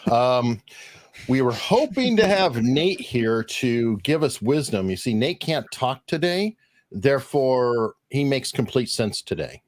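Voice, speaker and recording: A man hosting a live stream, teasing his guests and quick to laugh. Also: mid-range voice, big pitch swings, no echo, studio quality. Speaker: host. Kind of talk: casual live-stream chat.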